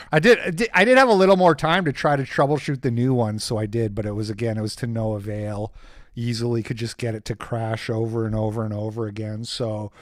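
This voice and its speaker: A man hosting a stream, telling a rambling story in a casual, animated way, swearing freely and poking fun at himself. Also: mid-range voice, no echo, studio quality. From Canada. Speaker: streamer host.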